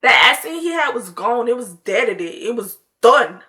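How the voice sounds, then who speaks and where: A woman's voice: on the high side, very animated, moderate pace, bright, forceful tone. A woman vlogger telling a story in casual chat, with laughing asides to her viewers.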